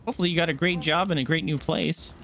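A man's voice: fairly high pitch, fast talker, fairly bright tone, slight background noise. A man hosting a let's play, commenting on a horror game with sarcasm and frequent swearing. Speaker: gaming channel host.

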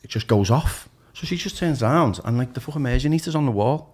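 A man's voice: mid-range voice, lively intonation, fast, husky. A man with a Liverpool accent, a DJ telling frank stories as a podcast guest, swearing freely and restarting his sentences. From Liverpool, England. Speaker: DJ and radio presenter, podcast guest. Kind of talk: candid storytelling in conversation.

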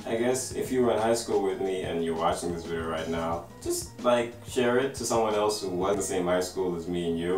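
Deep-voiced young man, American-sounding accent. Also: distant mic. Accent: American-sounding English. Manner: relaxed, rambling, full of "like". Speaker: vlogger. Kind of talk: casual storytelling to camera. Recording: roomy and a bit off-mic.

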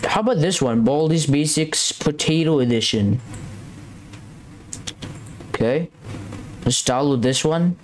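A man's voice: on the high side, lively intonation, normal speed, few pauses. A man talking over a horror game, jittery and scared, rambling and repeating himself. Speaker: gameplay commentator. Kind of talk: gameplay commentary. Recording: noisy background.

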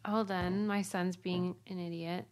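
A woman's voice: lowish voice, a little slow. A woman co-hosting a podcast in casual chat, laughing easily as she talks. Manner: laughs often, relaxed and chatty. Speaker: podcast co-host. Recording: clear background noise.

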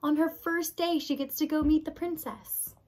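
A woman's voice: high voice, steady tone, moderate pace, a little mellow. A woman reading a children's book aloud, adding chatty asides to explain the story. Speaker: read-aloud narrator.

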